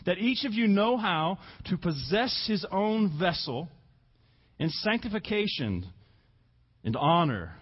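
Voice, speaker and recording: A man preaching a sermon as pastor, earnest, stressing key words slowly and repeating himself for emphasis. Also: high-pitched, very animated, slightly rough, lo-fi sound.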